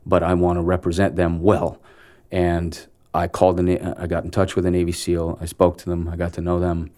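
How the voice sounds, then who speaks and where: A man in his forties, an actor guest, telling stories earnestly in an interview, with halting restarts. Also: deep voice, monotone, warm tone. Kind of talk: conversational storytelling interview.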